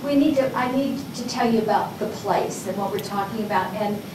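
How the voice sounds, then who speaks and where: A woman's voice: mid-range voice, fairly quick. A Texas-raised woman in her sixties, a college instructor who gives an informal, rambling public lecture and talks straight to her audience. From Texas, USA. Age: 60s. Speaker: college instructor giving a talk. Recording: echoey room, distant mic, background noise.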